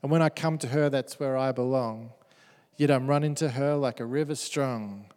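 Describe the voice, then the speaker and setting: A man's voice: medium pitch, moderate pace. Joking preacher man in a reverberant hall. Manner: animated and joking, reads verses aloud with playful asides. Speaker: pastor. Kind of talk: sermon. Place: church hall. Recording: church hall with long reverb.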